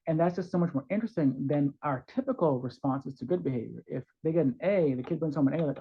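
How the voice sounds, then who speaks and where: A fairly high, husky male voice, explaining parenting in a lively conversational way and slipping into voices of shouting parents and kids. The sound is dull and lo-fi, as from a remote call. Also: quick pace, few pauses. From New York. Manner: animated, acts out parents' and kids' voices. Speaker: guest, parenting coach. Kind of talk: conversational advice in an interview.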